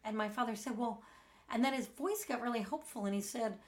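Frank middle-aged woman, raised pitch. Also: a little fast. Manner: frank and earnest, blunt word choice. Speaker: meditation podcast host. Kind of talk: candid personal storytelling.

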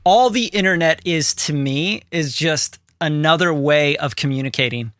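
A man co-hosting a podcast in loose, animated chat, cursing now and then. His voice is bright and sits a little high. The sound is dry and close. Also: moderate pace, clean tone, dry recording. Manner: animated, swearing, quotes people in put-on voices. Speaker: podcast co-host. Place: home studio room.

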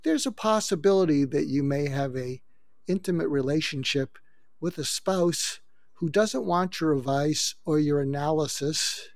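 A man's voice: a little high, unhurried, no echo, clean studio sound. An older man, a guest expert, explaining how to handle conflict in a coaching, advice-giving way. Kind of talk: advice-giving interview talk.

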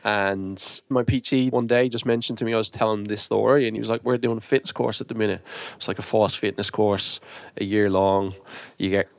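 A man's voice: lowish voice, steady tone, a little fast, gravelly, no room sound, clean studio sound. A young Irish man, founder of a gym business, chatting casually on a podcast and acting out the dialogue in his stories. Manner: storytelling, acting out quoted dialogue.

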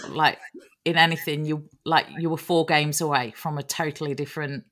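A man's voice: on the high side, level tone, normal speed, pushed and bright. A man co-hosting a casual interview, enthusiastic and a little rambling in his remarks. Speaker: co-host.

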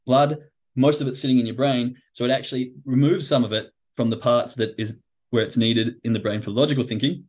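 A podcast host and trading coach runs a livestream about trading psychology, talking casually and animatedly, acting out quoted reactions and swearing in passing. His voice is medium in pitch and a bit fast.

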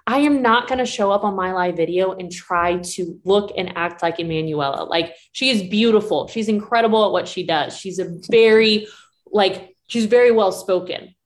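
A woman co-hosts a live online chat as a breathing coach. She talks in lively, excited bursts and leans on "like" as a filler. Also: mid-range voice, moderate pace. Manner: animated, lots of "like" fillers.

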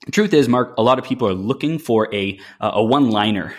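A man, a men's coach and podcaster, telling his story as an interview guest with enthusiasm and quick restarts. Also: medium pitch. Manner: enthusiastic, fast-talking, with frequent restarts.

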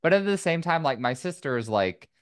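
A man's voice: on the high side, big pitch swings, normal speed, clear, resonant tone, dry recording, clean studio sound. A man from Indiana in a casual conversation, talking in loose, rambling sentences full of "like.". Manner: rambling, many "like" fillers. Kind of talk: casual chat.

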